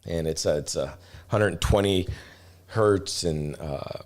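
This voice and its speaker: Speaking slowly in a low voice, a middle-aged man who makes travel vlogs rambles through a casual story, restarting often and getting lively when he does voices.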